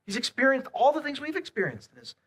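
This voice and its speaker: A man preaching a sermon, swinging between hushed, quiet lines and loud, emphatic repeated questions. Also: very high voice, very animated, fast talker. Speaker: pastor.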